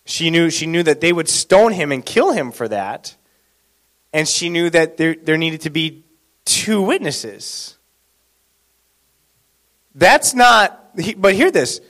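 Animated male preacher, fairly high voice. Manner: animated, conversational, asks the congregation questions. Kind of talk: sermon.

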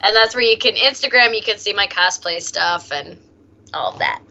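Female podcast guest, bright tone, muffled lo-fi sound; giggly, chatty. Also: medium pitch, moderate pace. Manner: giggly, chatty, trailing filler words. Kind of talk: casual podcast chat. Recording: dull lo-fi audio.

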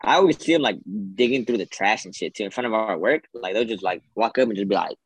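Young guy rambling on a podcast, kinda husky and low, dry close sound. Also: lively intonation, fast talker, no room sound, rough recording. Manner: loose, rambling storytelling full of "like" and swearing. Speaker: podcast co-host. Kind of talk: casual chat.

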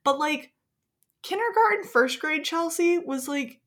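A woman's voice: high voice, animated, measured pace, fairly bright tone. A woman co-hosting a podcast, chatting casually with lots of "like" fillers and frequent laughter, in a self-deprecating way. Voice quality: self-described introvert, self-deprecating. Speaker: podcast co-host. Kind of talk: casual chat.

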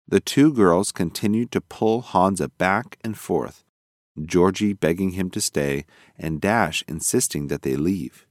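A man reading a children's story aloud as narrator, in an expressive storytelling manner. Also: deep voice, unhurried, no room sound, clean studio sound.

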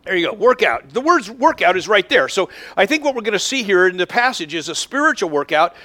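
High-voiced pastor telling a story. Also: male voice, sing-song, brisk, pushed and bright. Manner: conversational storytelling with frequent fillers. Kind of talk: sermon.

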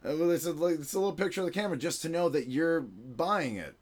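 A man's voice: on the high side, expressive, quick pace. A man from Venezuela hosting a podcast, chatting casually in a rambling, giggly way with lots of fillers. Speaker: podcast host. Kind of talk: casual chat.

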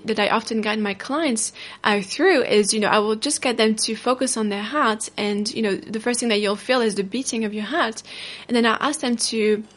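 Reflective woman podcast host. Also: on the high side. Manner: reflective, slows down on emotional words. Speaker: self-love coach and podcast host. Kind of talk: personal storytelling monologue. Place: indoor studio.

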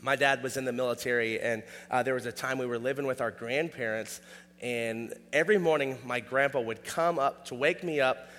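A man's voice: medium pitch, fairly quick, fairly bright tone, in a large hall. A man preaching a sermon in a casual, conversational way, often asking "all right?". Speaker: pastor.

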